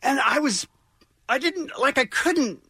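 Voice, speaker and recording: A man co-hosting a radio show, telling a story in a casual, animated way and acting out the voices of the people in it. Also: extremely high pitch, a little slow, no echo, studio quality.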